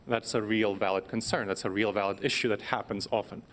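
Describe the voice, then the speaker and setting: A man, a consultant, explaining his point on a panel in a measured, conversational way. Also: on the low side, fairly even intonation.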